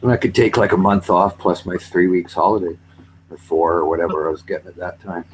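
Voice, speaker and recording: A man chats in a rambling, easygoing way, his voice sitting low. A faint hum runs under the recording. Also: fairly even intonation, fairly quick, poor audio. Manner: rambling, mimics accents for laughs. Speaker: retired railway worker. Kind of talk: casual chat.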